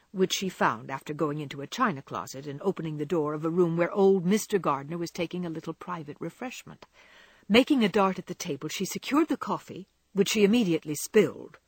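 A woman narrating a classic novel aloud with expressive storytelling. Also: lowish voice, slightly rough, no echo. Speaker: audiobook narrator.

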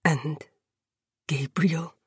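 Woman playing a suffering young male vampire: low, breathy, halting, audiobook. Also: darkish tone, no echo, studio quality, exaggerated voice. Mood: pained. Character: young man, chained vampire in pain, stammering.

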